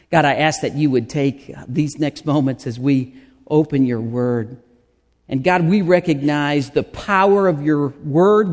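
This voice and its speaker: A man preaching a sermon in a church, his voice sitting high for a man. He speaks slowly and deliberately, drawing out his phrases. The sound carries a long hall reverb. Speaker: pastor. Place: church sanctuary.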